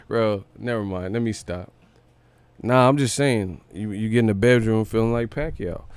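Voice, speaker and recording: A man's voice: lowish voice, moderate pace, clear, resonant tone, no room sound. A man hosting a live commentary stream, talking in slangy, profane, joking chat and laughing often. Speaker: host. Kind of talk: livestream commentary.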